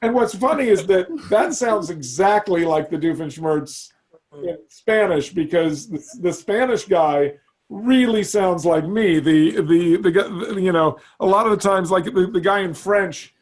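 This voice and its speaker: A middle-aged man as an interview guest, chatting casually and telling rambling, lively stories with many restarts. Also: high voice, measured pace. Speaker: guest, animation creator.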